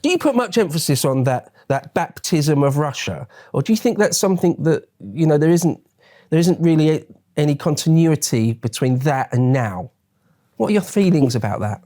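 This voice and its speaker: A man's voice: a little high, lively intonation, normal speed, mellow. A male host in a casual interview, chatting and asking long, rambling questions with frequent restarts.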